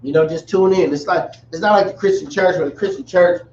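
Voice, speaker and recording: A man's voice: sits high, fairly quick, a little mellow, a little hiss or hum. A man giving a casual, rambling religious lesson with jokey asides. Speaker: religious teacher. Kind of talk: casual teaching talk. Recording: echoey dull recording from far off.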